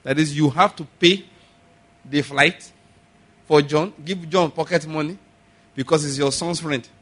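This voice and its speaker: A man preaching a sermon, telling stories and acting out the people in them with sudden shouts. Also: fairly high pitch, steady tone, unhurried, slightly rough. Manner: storytelling, acts out quoted voices with sudden shouts. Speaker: pastor.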